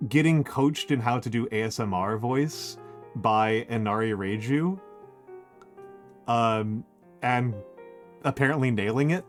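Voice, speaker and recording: A man's voice: medium pitch, measured pace, pauses often, faint music behind. A man hosting a casual chat stream, rambling with many fillers and restarts and laughing often. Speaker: streamer host. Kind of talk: casual chat while painting.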